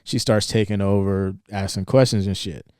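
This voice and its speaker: A man's voice: fairly low pitch, normal speed, smooth, no echo, studio quality. A young man co-hosting a podcast, rambling through a film scene in a casual chat and acting out the characters' lines. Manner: rambling, animated retelling with quoted lines. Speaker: podcast co-host.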